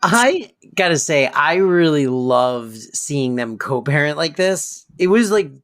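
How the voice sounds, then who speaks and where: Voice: medium pitch, sing-song, slow pace, a bit bright. A podcast co-host chatting casually and enthusiastically about a sitcom episode. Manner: enthusiastic, with lots of fillers and laughter. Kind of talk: casual chat.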